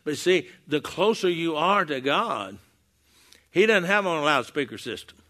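Speaking into a clip-on mic before his congregation in a church hall, an older pastor delivers a sermon of folksy stories that often restart. His voice is fairly high, animated, a bit bright, and unhurried.

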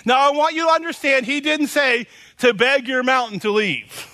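A man's voice: extremely high pitch, normal speed, bright, forceful tone. A man preaching a sermon as pastor, emphatic and repetitive, often tossing in "you know".

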